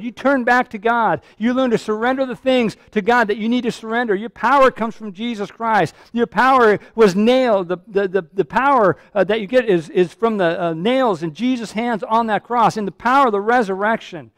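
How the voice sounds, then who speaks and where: A man's voice: high-pitched, fairly quick, dry recording, studio quality. A man preaching a sermon as pastor, earnest and repetitive, often restarting his phrases.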